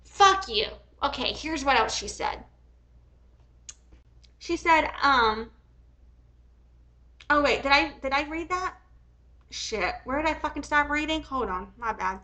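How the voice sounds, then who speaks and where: A woman reacts on a live stream, reading messages aloud and breaking off into heated, profane rants. Her voice sits high and bright. She rambles, restarts and fills gaps with ums. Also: unhurried, long pauses, low-quality recording. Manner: heated and profane, swings from reading calmly to angry outbursts. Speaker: commentary streamer.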